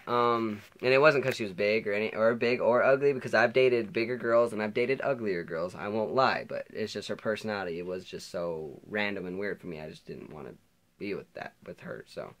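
Rambling teenage boy with low voice. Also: fairly bright tone. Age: teens. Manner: rambling, many fillers and restarts. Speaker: vlogger. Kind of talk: storytime monologue.

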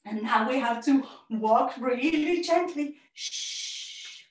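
A woman teaching a family yoga class, telling a story with animated, sing-song guidance. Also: high-pitched, a little slow, distant mic. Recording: echoey room, voice off-mic.

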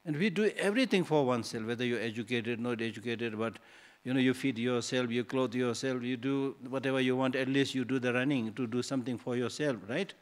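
A man's voice: mid-range voice, a little fast. A male Buddhist teacher giving a dharma talk in a hall, conversational and teasing, full of rhetorical questions.

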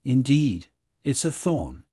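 A man reading as a composed detective, measured and commanding, in a husky, hushed-sounding voice. The sound is dry and close, with no room around it, as if read in a storybook recording. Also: medium pitch, big pitch swings, no room sound, exaggerated voice. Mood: calm. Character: calm, sharp male detective.

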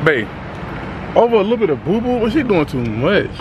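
A man's voice: high voice, big pitch swings, fairly quick. A young man filming a prank, teasing and laughing, then pleading. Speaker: prankster vlogger. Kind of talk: casual filmed prank. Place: in and around a parked car outdoors. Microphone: handheld camera. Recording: outdoor noise, traffic.

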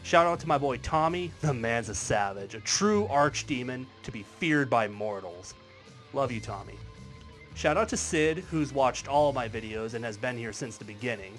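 Sarcastic man with a lively voice. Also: medium pitch, moderate pace, faint music behind. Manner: sarcastic, wry. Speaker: YouTube commentary creator. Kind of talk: commentary vlog.

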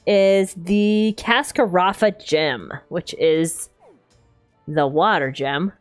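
A woman's voice: lowish voice, slow, soft background music. A woman streamer giving casual, chatty commentary over gameplay while talking to her chat. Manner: chatty, animated, talks to chat.

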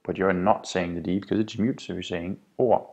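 A man with a Danish accent, a native Danish speaker, teaching a pronunciation lesson and repeating each sound slowly. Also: sits low, steady tone, vocal fry, a little mellow. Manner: spells out sounds slowly, repeats example words. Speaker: language teacher.

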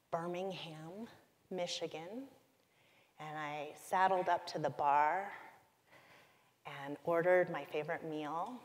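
A middle-aged woman giving a keynote talk, telling a personal story in a confessional, emotive way with deliberate pauses. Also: low voice. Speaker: keynote speaker. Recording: long hall reverb.

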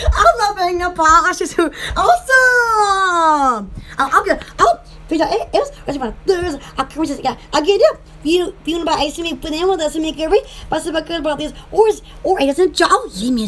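A bubbly woman chats casually about her shop and her day, giggling as she goes. Her voice sits very high and swoops all over the place. Faint background noise runs under the recording. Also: a bit bright. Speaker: online shop host. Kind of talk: casual rambling chat.

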